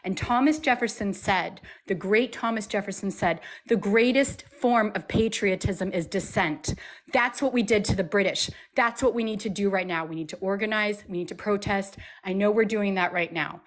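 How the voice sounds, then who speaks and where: An American woman vents her anger as a caller on a live stream. She speaks emphatically and keeps circling back to the same phrases for force. Her pitch sits in the middle of the range. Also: moderate pace. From United States. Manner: angry, emphatic, repeats phrases. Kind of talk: impassioned call-in speech.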